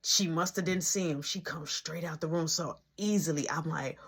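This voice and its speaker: A woman telling a personal story in a casual, animated, conversational way. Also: low-pitched, normal speed, few pauses, slightly rough. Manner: animated, conversational, with dramatic asides.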